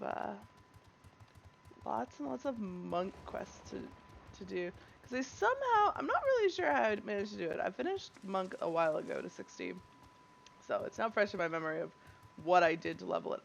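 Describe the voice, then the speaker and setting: A woman's voice: medium pitch, gravelly, a little hiss or hum. A woman streaming a game live, chatting and rambling with a stuffed-up, congested voice and often losing her train of thought. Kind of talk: live gameplay stream chat.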